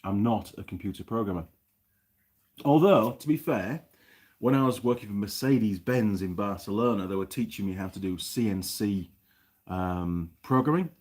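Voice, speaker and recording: A man's voice: on the low side, normal speed, darkish tone. A middle-aged man with a New Zealand accent, chatting casually on a live stream from his workshop and reading viewer comments aloud as he rambles. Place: home workshop.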